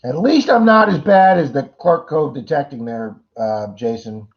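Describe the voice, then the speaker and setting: Middle-aged man, livestream host, casual chat, jokey, rambling, slightly high voice, dull lo-fi audio. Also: expressive, moderate pace. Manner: chatty, greets and answers viewers by name.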